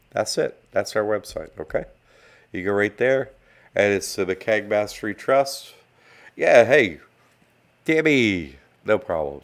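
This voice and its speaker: A man hosting a live-streamed online class, rambling and conversational as he greets chat viewers. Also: on the low side. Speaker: online course host.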